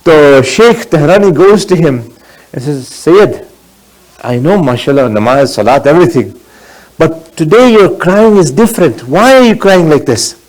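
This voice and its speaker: Sheikh guy preaching, fairly high voice, earnest, drops arabic phrases, coughs now and then. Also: lively intonation, normal speed, darkish tone, poor audio. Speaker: sheikh giving a religious talk. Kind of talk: sermon.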